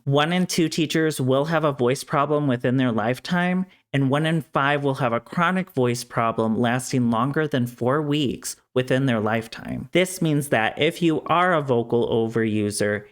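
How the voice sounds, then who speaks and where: A man, a speech-language pathologist, calmly explaining voice training in a measured, instructive way. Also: medium pitch. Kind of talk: educational explainer to camera.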